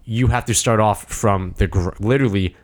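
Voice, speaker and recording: A young man in casual chat, excitably retelling a film scene with swearing and quick asides. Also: fairly low pitch. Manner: excited, swearing, acts out movie quotes.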